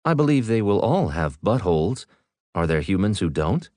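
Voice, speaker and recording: A man voicing a calm, literal-minded male ship AI with precise, dry delivery. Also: on the low side, normal speed, dry recording. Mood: deadpan.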